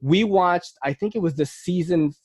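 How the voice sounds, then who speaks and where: A young man chatting casually as a podcast guest, telling stories with lively, acted-out quotes. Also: moderate pace, breathy edge, no echo. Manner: animated storyteller, acts out quotes with big pitch jumps. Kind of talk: casual chat.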